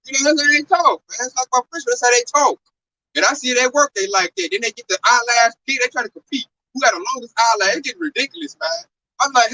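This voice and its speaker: A man with a high, bright voice lectures in a preachy but casual way, hammering his points home and repeating himself. He sounds set back from the mic, and a faint hiss sits under the recording. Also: animated, fast. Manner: emphatic and repetitive, keeps tacking on "man". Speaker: religious teacher. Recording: distant mic with faint noise.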